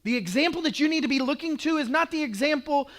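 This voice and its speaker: A man with an Oklahoman accent preaching a sermon from the pulpit. His voice sits very high for a man, and he tells stories with animated energy, acting out scenes and sometimes rising to a shout. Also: quick pace. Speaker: pastor.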